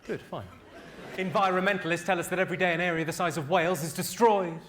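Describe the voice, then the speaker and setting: Deadpan comic roasting a crowd. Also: male voice, sits high, quick pace, background noise. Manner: deadpan, teasing crowd work. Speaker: stand-up comedian. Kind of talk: stand-up roast of the audience. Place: live theatre with an audience. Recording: loud audience laughter behind.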